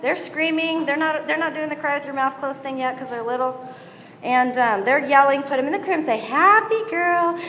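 A chatty woman with a somewhat high voice gives parenting advice to a live audience, acting out little scenes as she talks. Her voice rings through a large hall with a long, echoey reverb and a faint hum of room sound behind it. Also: a little fast. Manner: chatty, animated, acts out scenes and quotes. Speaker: speaker giving parenting advice. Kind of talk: casual talk to a live audience.

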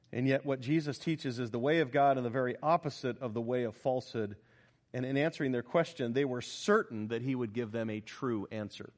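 A man delivering a sermon in an animated, emphatic way. His voice sits a little high for a man, and he keeps pressing the listeners with rhetorical questions. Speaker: pastor.

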